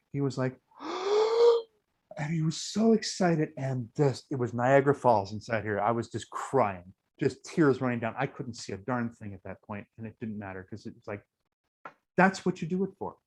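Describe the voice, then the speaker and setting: A man speaking as an interview guest in a relaxed, storytelling way. He circles back often with fillers and restarts. He gets choked up as he talks. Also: medium pitch, brisk, poor audio. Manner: emotional, many fillers and restarts. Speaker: guest, costume performer.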